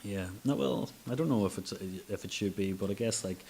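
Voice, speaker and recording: A man with a very deep voice hosts a casual chat, swearing freely as he tells his stories. A faint hiss runs under the recording. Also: fairly quick, creaky. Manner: sweary, animated storyteller. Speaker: podcast host.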